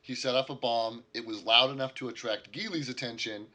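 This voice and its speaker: A man's voice: medium pitch, steady tone, fairly quick, pushed and bright. A man narrating a tabletop game as game master in a loose, casual way with plenty of fillers.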